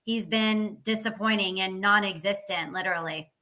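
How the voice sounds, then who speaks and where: A woman's voice: mid-range voice, normal speed, pushed and bright. A woman co-hosting a casual sports talk show, thinking aloud with hesitant fillers. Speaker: co-host.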